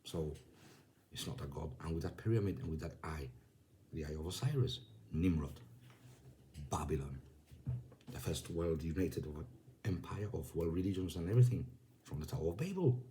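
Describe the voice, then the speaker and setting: Low-voiced man in casual religious commentary. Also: warm tone, a little hiss or hum. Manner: conversational, keeps checking in with the listener; reads news lines and scripture aloud.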